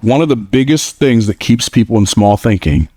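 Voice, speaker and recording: A man's voice: normal speed, no echo, clean studio sound. A man giving a motivational speech to a live audience, telling stories with energy and jokes, and repeating phrases for emphasis. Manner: storytelling, energetic, slips into a high squeaky voice for quotes; plain-spoken and joking, repeats phrases for emphasis. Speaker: motivational speaker.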